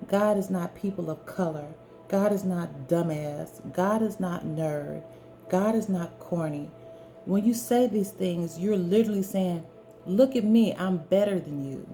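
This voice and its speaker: Earnest preachy woman, mellow tone, soft music. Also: on the low side. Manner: preachy, earnest, repetitive emphatic phrasing. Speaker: spiritual wellness speaker. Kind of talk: direct-to-camera talk.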